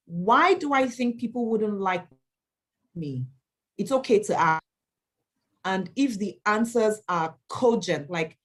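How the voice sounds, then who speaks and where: A woman, an event MC answering questions in a motivational talk, emphatic and animated as she tells stories. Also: medium pitch. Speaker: event MC and speaker.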